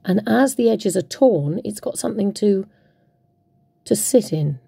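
A playful woman talks through a craft project, half to herself. Her voice is mellow and a little husky. The sound is close and dry. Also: mid-range voice, animated, a little slow, dry recording. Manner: chatty, playful, talks to herself while working. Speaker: craft tutorial host. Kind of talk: casual crafting demonstration.

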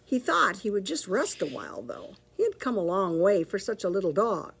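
A woman librarian reading a picture book aloud to children, with expressive, animated storytelling. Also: medium pitch, normal speed, gravelly, slight background noise.

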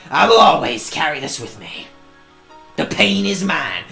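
A let's play host reading game text aloud and mocking it sarcastically, swearing and yelling back at the characters. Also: medium pitch, big pitch swings, measured pace, vocal fry, soft background music.

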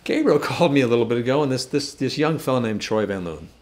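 A man who co-hosts a guitar shop channel, telling a story in casual chat. He rambles, jokes and makes quick asides. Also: mid-range voice, lively intonation, darkish tone.

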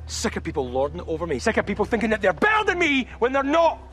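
A man's voice: on the high side, expressive, fast talker, faint music behind, natural voice. A man with a Scottish accent playing a bitter, resentful male constable, curt and defensive. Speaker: police constable.

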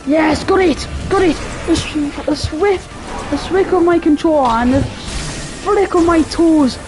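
A woman giving rambling, joking commentary while playing a video game, yelling at the game now and then. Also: extremely high pitch, unhurried. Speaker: gamer. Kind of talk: casual gaming commentary. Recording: game music playing behind. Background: game music.

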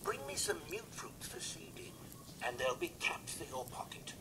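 A man's voice: mid-range voice, lively intonation, moderate pace, pushed and bright, in a whisper. An actor with a British accent voicing a prim, proper male robot supervisor in a video game, clipped and genteel. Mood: bartering. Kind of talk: video game character dialogue.

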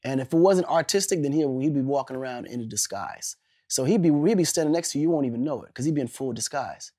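A man in his forties, an interview guest telling animated stories, laughing and swearing casually. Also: medium pitch, quick pace.

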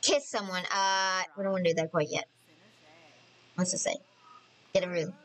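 A woman hosting a casual let's-play commentary, chatty and excitable, often apologizing and thinking aloud as she plays. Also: on the low side, normal speed, poor audio. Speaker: gaming channel host.

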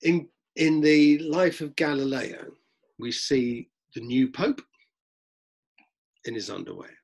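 A middle-aged man, a drama teacher, lecturing students in a lively way and acting out examples as he goes. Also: medium pitch, slow pace, creaky, husky. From London, England. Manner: lively, acts out examples, frequent restarts. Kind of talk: lecture-style talk to students.

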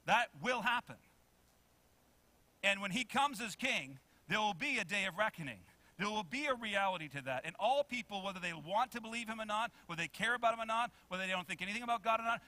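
A male pastor preaching a sermon in a church, animated, acting out quotes and asking the congregation questions. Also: sits high. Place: church sanctuary.

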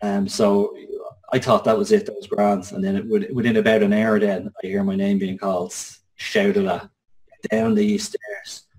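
A man's voice: fairly low pitch, flat delivery, a little mellow. An Irish man in his thirties, a guest telling a personal story with many restarts. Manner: halting, many restarts and fillers. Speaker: interview guest.

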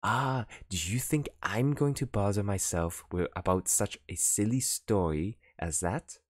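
A man giving voice to a seasoned police detective in an audiobook, low-pitched and unhurried, brushing off alarm with dry, dismissive calm. The voice sits close and dry, with lively rises and falls. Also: dry recording, full character voice. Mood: curt. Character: unflappable middle-aged male police detective.

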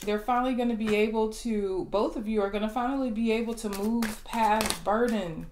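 A woman's voice: on the high side, fairly even intonation, normal speed, few pauses, darkish tone, a little hiss or hum. A woman giving a tarot reading, upbeat and repeatedly calling viewers "guys". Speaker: tarot reader. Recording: roomy echo.

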